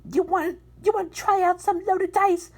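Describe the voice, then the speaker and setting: Sleazy storybook cheat, wheedling and a bit higher; woman reader puts it on. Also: sing-song, fairly quick. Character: sleazy cheating dice player.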